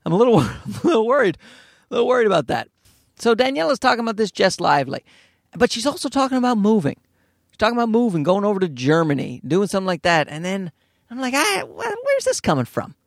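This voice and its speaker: This solo podcast host is a fast, expressive talker whose high voice has a gravelly fry, recorded dry with no echo and little room around it. Speaking into a mic outdoors or by a road, he drifts between stories, swears a lot, and drops sarcastic comments.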